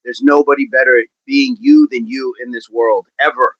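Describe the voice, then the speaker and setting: A man's voice: medium pitch, very animated, normal speed, fairly bright tone, no echo. A man coaching fitness on a livestream, talking with viewers in an upbeat, encouraging way and often repeating his phrases. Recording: dull, dry livestream audio.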